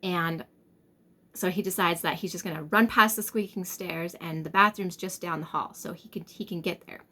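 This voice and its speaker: A woman's voice: on the low side, fairly even intonation, normal speed, sharp tone. A young woman chatting casually to camera and telling a story, rambling with plenty of fillers. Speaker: tarot vlogger.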